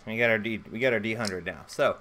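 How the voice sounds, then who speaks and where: A man's voice: fairly low pitch, fast talker, noisy background. Joking man rambling through a solo game. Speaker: solo tabletop game player. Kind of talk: casual solo play commentary.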